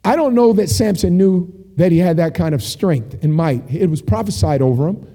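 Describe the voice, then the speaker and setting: A man preaching a sermon, telling stories with animated energy and jokey asides. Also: sits high, moderate pace. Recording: long hall reverb.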